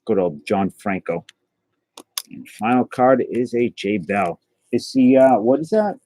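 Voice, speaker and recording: A man's voice: mid-range voice, animated, measured pace, mellow, dry recording. A man hosting a casual livestream, chatting and answering his viewers as he goes. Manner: chatty, answers chat messages aloud, stumbles and restarts. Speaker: livestream host opening trading cards.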